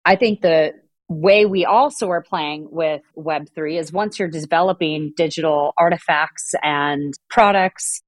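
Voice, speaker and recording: A woman's voice: low voice, measured pace, no echo. A middle-aged woman from Southern California, answering interview questions in a fluent, businesslike way. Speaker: guest executive.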